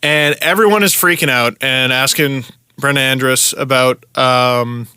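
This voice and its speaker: A man's voice: medium pitch, a little slow, sharp tone, smooth, no room sound, clean studio sound. A man hosting a podcast, chatting in a loose, conversational way with frequent fillers. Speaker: podcast host. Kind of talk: casual podcast chat.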